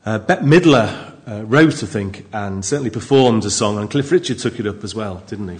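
A man's voice: lowish voice, lively intonation, normal speed, hardly any pauses. Emphatic male preacher giving a sermon. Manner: emphatic, varied delivery with asides to the congregation. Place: church with a microphone. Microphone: microphone.

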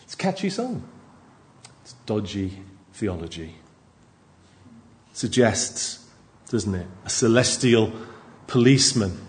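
A lowish-voiced man gives a lively, emphatic sermon into a microphone in church, pausing for asides to the people in the pews.

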